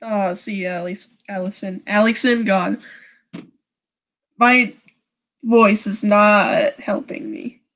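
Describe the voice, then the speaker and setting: A woman's voice: medium pitch, fairly even intonation, slow pace, pauses often, fairly bright tone. A young woman reading a creepy story on a live stream, often breaking off to laugh and make sarcastic jokes about the writing.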